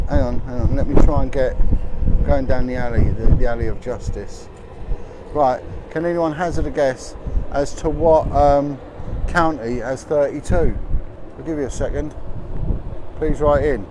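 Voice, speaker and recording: Outdoors on a windy street, a male livestream host chats casually, adding asides while reading out figures. His voice is mid-range and unhurried, and the noisy recording picks up wind, traffic, and street sounds.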